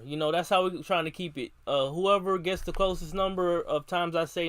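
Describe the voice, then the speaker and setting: A man's voice: sits high, fairly even intonation, moderate pace, smooth, no room sound. A man streaming live, reading a children's book aloud in a slangy, casual way and repeatedly tacking on a catchphrase between lines.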